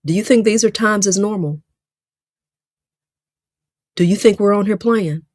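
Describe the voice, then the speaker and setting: Woman coach, preachy, emphatic, repeats herself, mid-pitched, dry close sound. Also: a little slow, darkish tone, no room sound. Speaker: career coach. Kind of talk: live-stream coaching talk.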